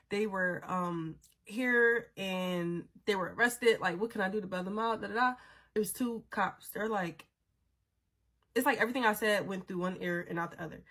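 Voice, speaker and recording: Woman vlogger w a lowish voice, spilling a wild story, dramatic n swears a lot. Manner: animated, dramatic, swears freely. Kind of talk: casual storytime vlog.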